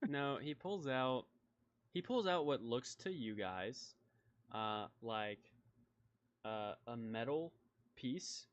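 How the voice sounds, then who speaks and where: Casual male game master, muffled sound. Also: medium pitch. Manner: casual, halting, with many fillers. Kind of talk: narrating a tabletop game.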